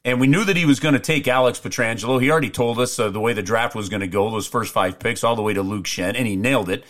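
A man co-hosting a podcast, telling rambling stories in a lively way, full of restarts and asides. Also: mid-range voice, quick pace. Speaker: podcast co-host, hockey play-by-play announcer. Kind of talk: casual storytelling.

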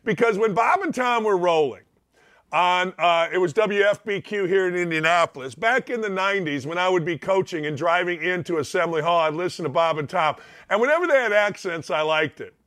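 A man's voice: sits high, pushed and bright. A man hosting a sports talk show, ranting bluntly and brashly in an opinionated monologue.

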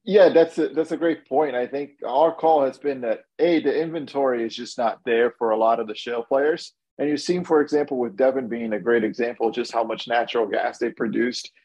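A man, a guest energy analyst, explaining markets in a brisk, analytical way with frequent restarts, heard over a video call. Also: mid-range voice, fairly even intonation, darkish tone, breathy edge, muffled recording. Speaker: senior oil and gas analyst, guest. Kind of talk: expert commentary.

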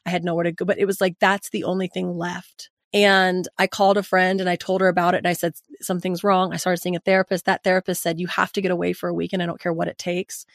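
A woman's voice: fairly low pitch, level tone, fast talker, few pauses, no room sound, studio quality. A woman hosting a podcast, telling a candid and earnest personal story to her guest. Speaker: podcast host.

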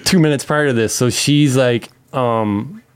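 A man's voice: medium pitch, a little slow, clear, resonant tone. Casual man telling a story. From Memphis. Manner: animated, acts out quotes, swears. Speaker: podcast guest.

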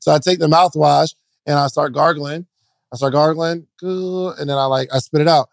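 A man's voice: a little high, fairly even intonation, moderate pace, gravelly, no room sound. A man co-hosting a podcast, telling stories in a loose, casual way with many "like"s. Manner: loose anecdotal storytelling with filler "like". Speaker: podcast co-host.

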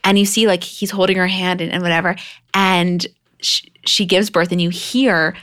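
A woman's voice: on the low side, flat delivery, moderate pace, fairly bright tone. A woman co-hosting a podcast in casual chat, gushing and emphatic and swearing freely. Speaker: podcast co-host.

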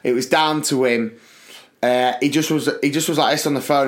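A man co-hosting a podcast, telling stories in animated fashion and acting out quotes. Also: mid-range voice, fairly quick. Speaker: podcast co-host. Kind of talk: casual chat.

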